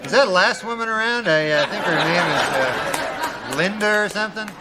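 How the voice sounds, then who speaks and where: A man playing an offhand, crude male psychiatrist in a comedy sketch, talking in a mumbling deadpan with many hesitations. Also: high-pitched, a little fast, a loud crowd, very noisy, close to an everyday voice.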